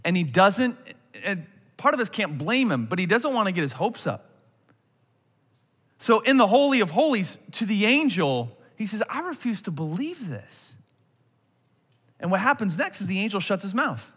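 A man in his thirties preaching a sermon as a pastor, animated, swinging from loud acted-out worry to a hushed voice. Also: sits high, normal speed, breathy edge. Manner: animated, acts out anxious voices, drops to a hush. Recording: long hall reverb.

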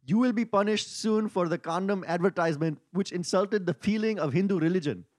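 Mock-solemn Indian protest leader with a higher voice and a dry, close sound, as a podcast man puts him on. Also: fairly quick, no echo, lightly acted. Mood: mock-indignant.

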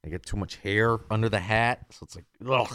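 Low-voiced joking young man, dry sound. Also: fairly quick, fairly bright tone, clear, resonant tone, dry recording. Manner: joking, laughs often, mimics voices. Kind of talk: casual chat.

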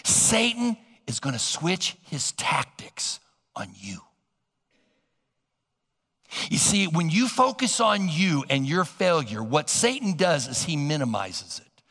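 Male pastor, sermon, gravelly edge, echoey sanctuary sound. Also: slow. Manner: animated preaching, swings from loud emphasis to soft low asides.

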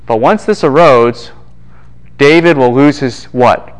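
A man giving a Bible lecture to a class, animated and quick to fire questions at his students. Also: medium pitch.

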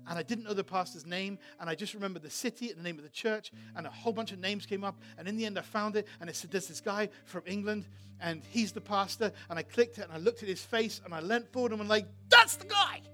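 A man preaching in a church, telling a personal story with animated swings between loud excitement and hushed tones. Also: high-pitched, fast talker. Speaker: pastor. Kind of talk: sermon storytelling.

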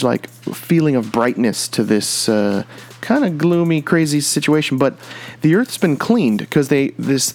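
A man's voice: mid-range voice, a little mellow. A man hosting a comic book podcast, talking through his picks in an enthusiastic, rambling way with lots of restarts. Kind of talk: casual comic review monologue.

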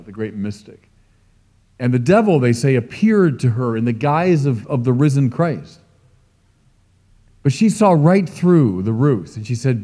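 A middle-aged man, a bishop, preaching a sermon in an emphatic, lively way with asides to the congregation. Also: medium pitch. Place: large church. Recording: long church reverb.

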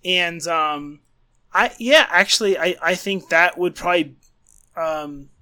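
A man with a bright, somewhat high voice co-hosts a relaxed book chat. He talks eagerly, circling his point and restarting sentences as he thinks aloud. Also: a little slow, clean tone. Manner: enthusiastic, searching for words with many restarts. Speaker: podcast co-host. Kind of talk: casual book discussion.

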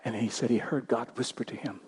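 A husky-voiced male pastor preaches through a story, his voice sitting at an ordinary middle pitch. He swings from loud, ringing emphasis down to quiet, hushed narration. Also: steady tone, brisk. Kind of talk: sermon storytelling.

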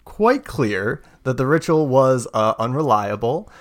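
Man, game master, tabletop game, hesitant, many fillers, medium pitch. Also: expressive, measured pace.

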